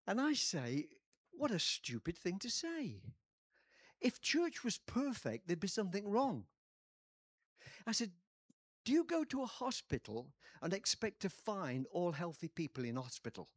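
Older english man, pastor, sermon, high lively voice, dry close sound. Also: unhurried, husky, dry recording. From England. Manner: storytelling preacher, swings from quiet to loud.

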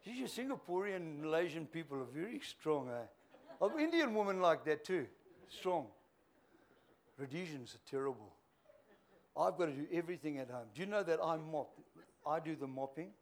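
A man's voice: on the high side, sing-song, moderate pace. An older man preaching, telling a rambling, joking story. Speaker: pastor. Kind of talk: sermon storytelling.

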